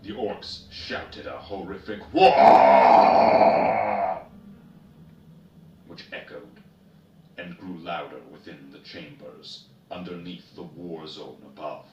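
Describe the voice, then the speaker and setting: A man narrating a story in a measured, steady way. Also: rumbling low, dull audio. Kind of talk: story reading. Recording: roomy, distant, noisy ambience.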